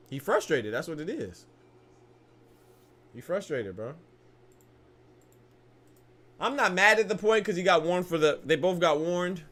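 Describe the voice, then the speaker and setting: A young man giving casual live commentary on a boxing match, slangy and excitable, often restarting sentences and laughing. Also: on the high side, moderate pace, long pauses.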